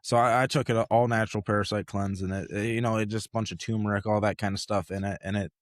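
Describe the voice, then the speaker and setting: A man's voice: lowish voice, fast, no room sound, clean studio sound. A man chatting casually on a podcast, rambling with lots of fillers. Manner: relaxed, rambling with frequent fillers. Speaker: podcast host. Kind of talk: casual chat. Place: home podcast setup.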